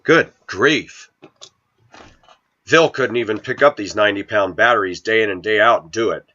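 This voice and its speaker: A man's voice: lowish voice, moderate pace, pushed and bright. Sniffly middle-aged man ranting to camera. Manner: preachy, combative, scolding. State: sniffly with a cold. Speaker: video channel host. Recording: dull lo-fi sound.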